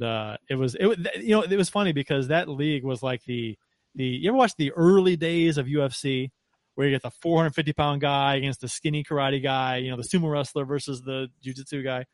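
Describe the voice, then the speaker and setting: Relaxed laughing podcast man, dry sound. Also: medium pitch, brisk, dry recording. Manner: relaxed, laughs easily while telling stories. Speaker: podcast co-host. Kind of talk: casual storytelling chat.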